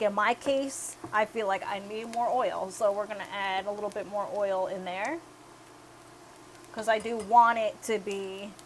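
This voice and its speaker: A woman's voice: medium pitch, slight background noise, low-quality recording. A young woman cooking in her home kitchen, chatting casually and explaining each step as she goes. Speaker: home cook.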